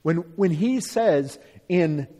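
A man with a high, strongly swinging voice teaches scripture verse by verse, hammering his points with repetition and rhetorical questions. His voice rings with a long reverb, as in a big hall. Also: expressive, slow pace, warm tone. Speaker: Bible teacher.

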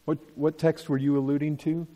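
A man's voice: a little high, flat delivery, a little fast, warm tone. A man teaching from the Bible to an audience, emphatic, asking rhetorical questions and repeating his points. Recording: long hall reverb.

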